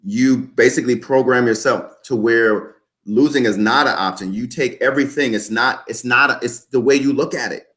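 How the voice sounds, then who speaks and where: A podcast guest in his twenties delivers emphatic, repetitive motivational talk in an interview. His mid-range, fairly bright voice moves at normal speed with hardly any pauses.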